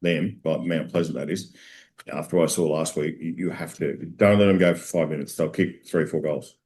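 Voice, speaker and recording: A man's voice: rumbling low, steady tone, fairly quick, darkish tone, slight background noise. An Australian man hosting a local football show, chatting casually and telling rambling pub jokes. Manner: jokey, tells rambling pub jokes with a laugh. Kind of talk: casual pre-game banter.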